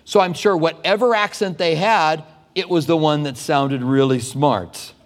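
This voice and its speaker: A man preaching as a pastor, telling stories in a conversational, animated way with quick asides. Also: a little high. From United States. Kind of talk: sermon. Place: church sanctuary. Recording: long hall reverb.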